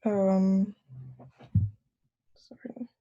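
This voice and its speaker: A woman's voice: medium pitch, fairly even intonation, extremely slow, dark tone, highs cut off. A young woman student answering questions in an online class, hesitant and unsure.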